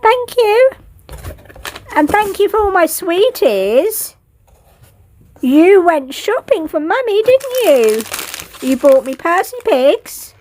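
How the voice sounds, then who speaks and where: A woman's voice: very high voice, a little hiss or hum. A woman talking to her pet cat in cooing baby talk. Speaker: vlogger.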